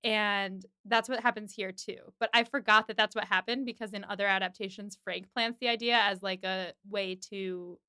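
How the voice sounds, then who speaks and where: A woman hosting a podcast, recapping an episode in a casual, animated way with quick voiced asides. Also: medium pitch, smooth, no room sound. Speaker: podcast host.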